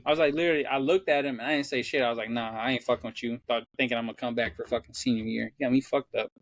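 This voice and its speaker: There's no echo on this racing, medium-pitched voice of a young male podcast co-host. Casual and profane, he tells stories with animation, acting out people's lines.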